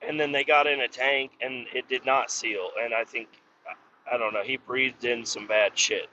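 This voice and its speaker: Exasperated, cursing man, podcast host talking alone while driving; forceful tone, muffled lo-fi in-car sound. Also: mid-range voice, steady tone, moderate pace, slight background noise. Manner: profane, exasperated griping. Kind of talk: casual solo rant.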